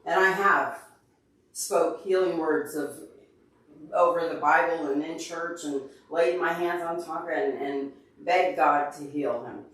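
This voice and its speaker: An upset, teary man talks earnestly and openly to his livestream viewers, calling them by name. His voice sits a little high for a man. He is well away from the microphone in a strongly echoing room. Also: measured pace, fairly bright tone. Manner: emotional, earnest, openly tearful. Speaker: livestream host answering chat. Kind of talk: casual livestream chat. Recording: very echoey room, far from mic.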